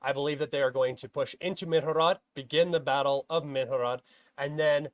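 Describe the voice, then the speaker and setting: A man's voice: on the high side, steady tone, a little fast, no room sound. A young man hosting a livestream, casually talking through a war map with many uh and um fillers. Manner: filler-heavy, many uh and um restarts; bursts into loud frustrated shouting at himself. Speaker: host of a military map analysis stream.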